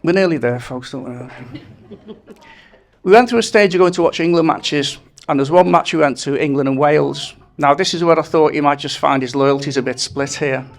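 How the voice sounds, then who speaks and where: A man delivering a wedding speech in a fairly high voice, spinning one anecdote after another to a reception crowd. He chuckles at his own punchlines as he goes. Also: normal speed, vocal fry.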